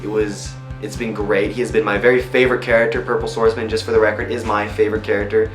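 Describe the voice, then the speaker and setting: A man who works as a voice actor chats loosely about his roles in a behind-the-scenes interview, often pausing on ums and you-knows. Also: on the low side, level tone. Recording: roomy room echo. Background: faint music.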